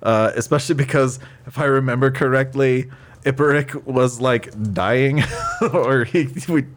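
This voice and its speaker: A man's voice: medium pitch, steady tone, measured pace. A man in a tabletop role-play chat, questioning witnesses in a mock trial, talking hesitantly with many fillers and restarts.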